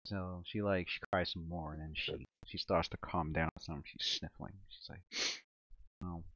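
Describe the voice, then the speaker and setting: A man's voice: low voice, steady tone, moderate pace, a bit bright, dry recording. Man narrating a tabletop game, fillers galore. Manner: loose, filler-heavy storytelling with lots of "like". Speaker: game master. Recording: dull muffled stream audio.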